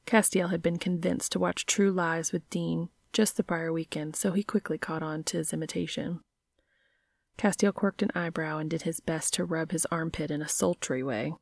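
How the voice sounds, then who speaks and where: A woman reading a story aloud in a soft, half-whispered voice. Her voice is low and creaky, and it sounds dry and close to the mic. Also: fairly even intonation, moderate pace, no room sound. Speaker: reader.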